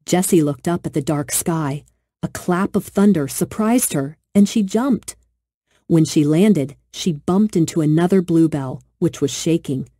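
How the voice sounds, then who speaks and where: A woman narrating a children's storybook with gentle, expressive storytelling. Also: low voice, unhurried, no room sound, studio quality.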